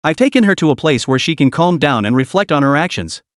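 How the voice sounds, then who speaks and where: A self-pitying male driver whines through a put-on victim act, as a man reading the story voices him. His voice trembles and swings widely in pitch, melodramatic and aggrieved. The sound is close and dry. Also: expressive, fast talker, no room sound, lightly acted. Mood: innocent.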